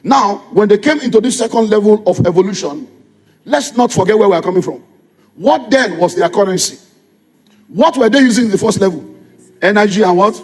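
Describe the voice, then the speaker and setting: With an animated, brisk delivery and a darkish tone sitting high, the middle-aged Nigerian-accented pastor presses his congregation with one rhetorical question after another. Long church-hall reverb surrounds his sermon.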